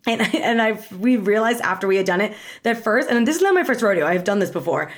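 A woman's voice: medium pitch, lively intonation, fast talker. A young woman telling a travel story in a casual, bubbly, chatty way, acting out bits of dialogue. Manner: bubbly and chatty, lots of fillers and quoted dialogue. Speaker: vlogger.

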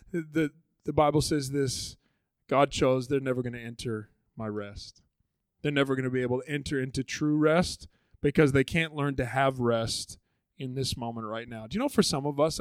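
A man preaching a sermon as pastor, dramatic, swinging from loud passages to hushed, drawn-out ones. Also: fairly high pitch, no echo.

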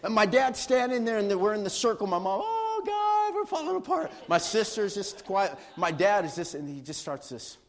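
A man's voice: sits high, normal speed, few pauses. A middle-aged man, a pastor, telling a personal story in a sermon with laughter and acted-out quotes.

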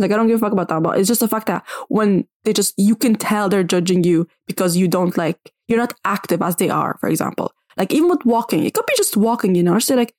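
A woman's voice: medium pitch, fast talker, dry recording. Blunt young woman ranting, dry sound. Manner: blunt, animated, says "like" constantly. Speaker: vlogger. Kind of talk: casual rant to camera.

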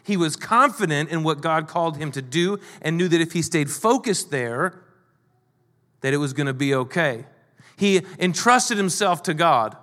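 A male pastor preaching a sermon, moving between emphatic and quiet delivery. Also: fairly high pitch, lively intonation, normal speed, long reverb tail.

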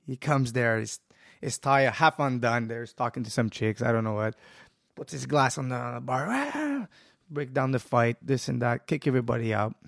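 A man telling a story in a casual interview, animated and swearing, acting out quoted lines. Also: mid-range voice, brisk, gravelly, dry recording, clean studio sound. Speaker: guest, jiu-jitsu school owner.

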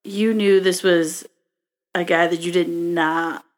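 A woman's voice: fairly low pitch, fairly even intonation. A woman co-hosting a podcast, chatting casually about a movie and often trailing off as she looks for words. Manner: slow, searching, trails off mid-thought. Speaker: podcast co-host.

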